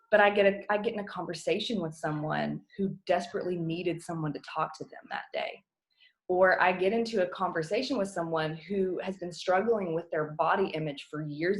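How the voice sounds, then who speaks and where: A woman in her thirties gives a heartfelt pep talk to her team over a video call from home. Her voice sits at an ordinary middle pitch, and she sounds earnest and close to tears at times, talking casually with fillers. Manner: earnest, emotional, choking up at times. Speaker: team coach.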